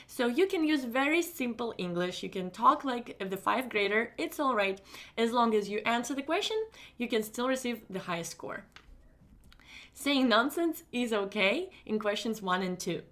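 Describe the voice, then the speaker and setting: A woman teaching an online test-prep lesson in English that is not her first language, with small slips. She talks emphatically, repeats her reassurances and jumps up in pitch on key words. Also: expressive, moderate pace, fairly bright tone. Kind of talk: recorded lesson, explaining to students.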